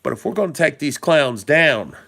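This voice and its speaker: A man talking straight to his viewers in a loose, rambling commentary, pushing his points hard and peppering them with rhetorical questions. His voice sits a bit high and sounds bright and forceful. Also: lively intonation, normal speed, gravelly. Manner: emphatic, rambling, asks the audience rhetorical questions; addresses viewers directly and informally. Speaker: political commentary vlogger. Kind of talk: casual talking-head commentary.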